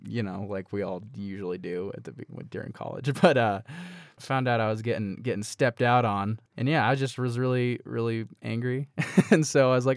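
A young man in his twenties chats about his band, laid-back and quick to laugh. His voice sits a bit low and sounds close and dry in the radio studio. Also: steady tone, dry recording. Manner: laid-back, laughs often, many fillers. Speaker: band frontman, guest. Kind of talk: casual interview chat.

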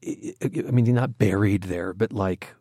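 A man hosting a radio interview, asking calm, curious questions and introducing segments. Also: lowish voice, unhurried, dry recording, clean studio sound. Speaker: radio host.

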